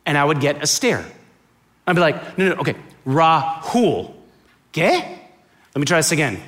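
Animated high-voiced man preaching with humor. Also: moderate pace. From Miami. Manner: animated, joking, acts out dialogue. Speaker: guest preacher. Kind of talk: sermon with comic storytelling. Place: church auditorium with live audience.

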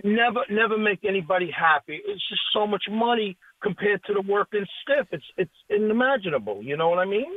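A man's voice: high voice, sing-song, a little fast, few pauses, no room sound. An older man from the Northeast United States calling in to a radio show, rambling and stammering in a friendly way. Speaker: caller. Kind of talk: radio call-in. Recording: tinny phone line.

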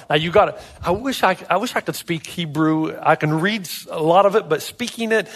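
Animated, high-voiced male pastor preaching. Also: fairly quick, few pauses, big-room sound. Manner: animated storytelling, emphatic rhetorical questions. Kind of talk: sermon.

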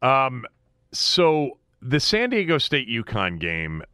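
A man's voice: mid-range voice, wildly swooping pitch, takes it slowly, sharp tone, clear, resonant tone, no echo, studio quality. A man hosting a casual sports betting chat, talking loosely with fillers and restarts. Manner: conversational, frequent fillers and restarts. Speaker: sports betting show host.

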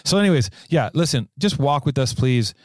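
A man's voice: mid-range voice, a little fast, dry recording, clean studio sound. Rambling, profane man on a podcast. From California. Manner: rambling, profane, animated riffing. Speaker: podcast co-host. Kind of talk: casual podcast banter.

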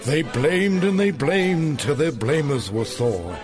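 A man doing a lively sing-song storybook narrator. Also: fairly high pitch, takes it slowly. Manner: sing-song rhyming delivery. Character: rhyming storybook narrator, male, mock-grand. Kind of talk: rhyming holiday parody narration. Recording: music bed behind voice.

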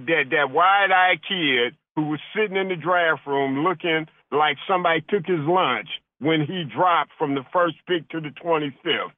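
A man's voice: on the high side, no room sound. A man calling in to a sports radio show, fired up and rambling, peppering his talk with "man". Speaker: caller. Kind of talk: call-in radio chat. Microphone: phone. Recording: tinny phone line.

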